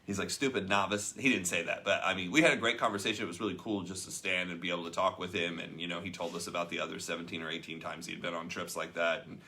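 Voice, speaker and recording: A man's voice: deep voice, fairly even intonation, fast talker, hardly any pauses, pushed and bright, a little hiss or hum. A man hosting a casual talk show, telling a story and acting out the people in it. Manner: chatty storyteller acting out quoted voices. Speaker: host. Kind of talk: casual chat about a leadership book.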